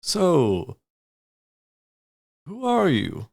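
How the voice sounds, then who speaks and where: A man's voice: high-pitched, wildly swooping pitch, extremely slow, vocal fry, a little mellow, pitched above the performer's own voice, full character voice. A man voicing a blunt, curious male half-drow who asks short, direct questions in a tabletop game.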